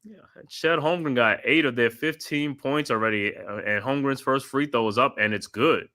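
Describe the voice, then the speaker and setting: A man hosting a watch party stream, calling the game play by play in a steady running call with casual asides. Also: medium pitch, normal speed. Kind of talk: live play-by-play commentary.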